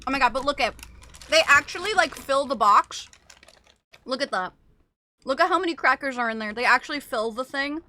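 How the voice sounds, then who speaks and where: Bright excitable young woman streamer. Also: high-pitched, a little fast, pauses often. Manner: excitable, gushing, swears casually. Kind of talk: casual live-stream chat.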